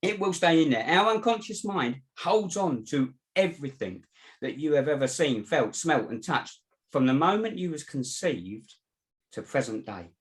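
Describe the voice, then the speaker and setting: A man's voice: fairly high pitch, big pitch swings, moderate pace. A man, a mindset coach, giving earnest advice in a casual chat and often saying "you know". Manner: earnest, advising, many "you know" fillers.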